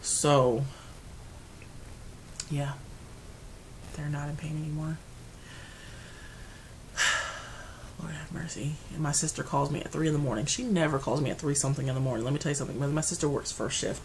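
A woman vlogger talking through her grief at home, rambling and restarting, going quiet and then loud. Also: low voice, steady tone, moderate pace, long pauses, noisy background. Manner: grieving, rambling, restarts often, swings between quiet and loud. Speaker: beauty vlogger. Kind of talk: casual personal talk to camera. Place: her apartment.

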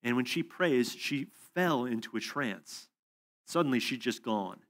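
Male preacher, mid pitch, chatty storytelling delivery with frequent "um"s, teaching to a conference room. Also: expressive, a little slow, a bit bright. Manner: storytelling, conversational with asides and fillers.

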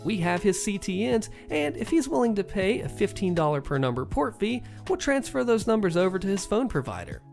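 Gravelly, sardonic story narrator. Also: mid-range voice, very animated, a little fast, few pauses, darkish tone, soft background music. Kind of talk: first-person story narration.

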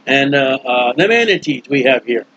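A man preaching a casual, animated sermon, acting out the voices in his stories in colloquial speech. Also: medium pitch, normal speed, dull audio. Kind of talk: sermon with acted-out scenes.

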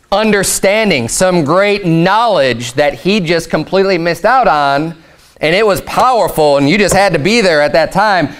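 Man, pastor, high voice, emphatic, conversational sermon, slows down for scripture.

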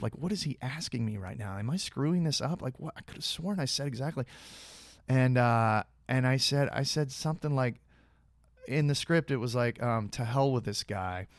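Man, podcast guest, casual storytelling, filler-heavy restarts, middle pitch, dry recording. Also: normal speed, dry recording. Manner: animated anecdotes, many fillers and restarts. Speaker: guest actor.

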